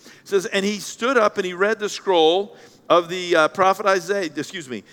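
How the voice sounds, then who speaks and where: A man preaches a Sunday sermon, blunt and animated, slipping into the voices of the people he describes. His voice sits high for a man. The sound rings out with a long hall reverb. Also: moderate pace. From Central Kentucky. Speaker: pastor. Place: church sanctuary.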